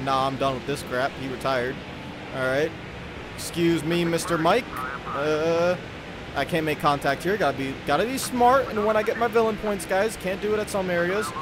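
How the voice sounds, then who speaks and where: A man's voice: on the high side, background noise. A man hosting his gaming channel, commentating a racing game with playful, mock-villainous trash talk. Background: game music.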